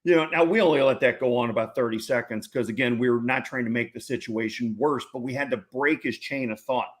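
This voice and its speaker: A man's voice: mid-range voice, fairly quick. A man, a ranch founder telling a story as an interview guest in a folksy, jokey way. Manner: folksy, jokey, laughs often.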